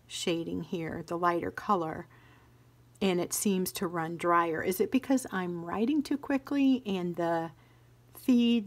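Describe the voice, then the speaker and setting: Soft-spoken woman musing over her pens. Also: on the low side. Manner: chatty, musing, drops into soft whispers. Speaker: stationery vlogger. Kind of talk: casual show-and-tell review.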